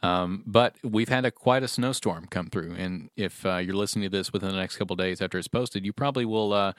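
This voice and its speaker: A man co-hosting a podcast in a casual chat, halting and full of fillers as he explains things. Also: sits low, fairly bright tone, no room sound, clean studio sound. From Tennessee, USA. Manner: hesitant, many fillers and restarts. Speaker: podcast co-host.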